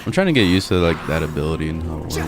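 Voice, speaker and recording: A man's voice: extremely low pitch, animated, very fast. A young man chatting casually over gameplay at home, rambling and swearing freely. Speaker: gaming streamer. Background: faint game music.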